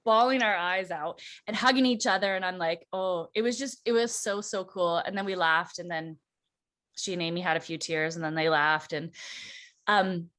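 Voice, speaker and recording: Female co-host, casual chat, animated storyteller who slips into quoted voices. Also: on the low side, normal speed. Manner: animated, acts out quoted voices, laughs often. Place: church.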